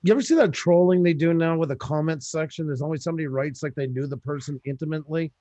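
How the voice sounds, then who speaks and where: Chatty guy agreeing a lot, slightly high voice, dead dry sound. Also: mellow, no echo, lo-fi sound. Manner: chatty, quick to agree, mocks comment posters. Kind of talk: casual chat.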